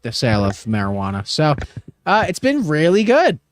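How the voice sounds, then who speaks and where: A man's voice: fairly high pitch, wildly swooping pitch, normal speed, noisy background. A young man co-hosting a sports betting podcast, telling rambling jokey stories. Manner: joking, rambling storyteller. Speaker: podcast co-host. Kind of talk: casual chat.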